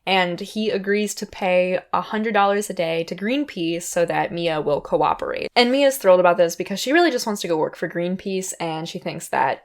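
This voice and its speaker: A young woman hosting a podcast, casually recapping a novel in a chatty, conversational way. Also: fairly low pitch. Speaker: podcast host.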